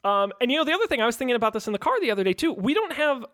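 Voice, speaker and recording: A man's voice: very high-pitched, big pitch swings, rapid-fire, fairly bright tone. A man co-hosting a podcast in casual chat, easygoing and jokey as he plugs the show. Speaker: podcast co-host.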